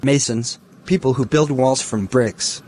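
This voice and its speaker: A man's voice: mid-range voice, unhurried, a little mellow. A man acting as a teacher, explaining the meanings of words in a lesson.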